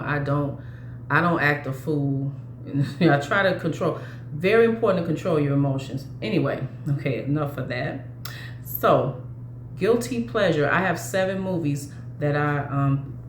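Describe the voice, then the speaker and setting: Woman, lowish voice, loose rambling vlog chat with lots of restarts, roomy echo. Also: a little hiss or hum. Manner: rambling, with frequent restarts and fillers. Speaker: movie vlogger. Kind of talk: casual movie chat.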